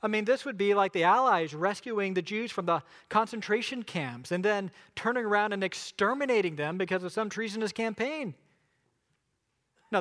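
A male preacher with a notably high voice delivers a sermon. He tells the story with dramatic flair and keeps putting questions to his listeners. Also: fairly bright tone.

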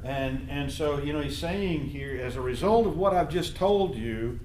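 Brief: male Bible class teacher, fairly high voice, lively storyteller, recorded in a roomy classroom. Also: moderate pace, background noise. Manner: animated storytelling, acts out voices in anecdotes.

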